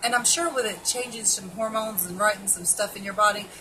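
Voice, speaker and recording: A woman's voice: mid-range voice, brisk, noisy background. A woman giving casual, blunt and sarcastic commentary on an article, swearing freely as she reacts. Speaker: keto vlogger.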